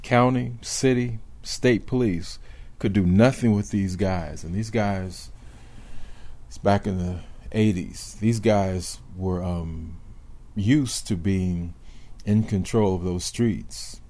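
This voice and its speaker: Deep, mellow older man recounting his past. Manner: measured, deliberate, with reflective pauses. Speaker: former police officer telling his story. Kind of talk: personal storytelling in an interview.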